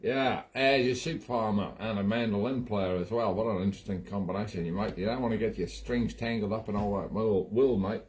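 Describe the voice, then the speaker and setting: A man's voice: lowish voice, steady tone, a little fast, hardly any pauses, a little mellow, a little hiss or hum, pitched below the performer's own voice, lightly acted. A man doing a slangy Aussie soap actor. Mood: jokey. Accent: put-on Australian. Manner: rambling, slangy, hammy banter. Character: brash jokey Australian soap actor, male, middle-aged. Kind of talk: comic impression on a live stream.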